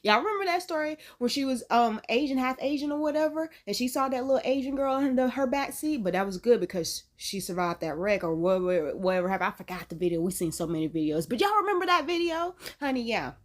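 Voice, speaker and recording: A chatty woman from North Carolina who hosts a reaction video. Her pitch is a touch high and swings widely as she talks. She keeps laughing and keeps calling her listeners honey. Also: lively intonation, fast, hardly any pauses. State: sneezy from allergies. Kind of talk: casual reaction commentary.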